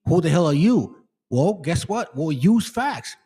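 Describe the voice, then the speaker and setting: A man in his late forties giving a profane, animated commentary as a channel host, often quoting and mocking others. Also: fairly high pitch, a little slow, a little hiss or hum. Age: 40s. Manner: animated, swears a lot, mocks and quotes others. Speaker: channel host reacting to videos.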